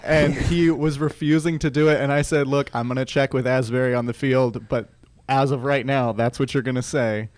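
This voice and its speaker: Man, podcast guest, chuckling storyteller, dry close sound, mid pitch. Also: moderate pace, no room sound. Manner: lively storyteller, laughs through his stories. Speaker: former team employee, guest.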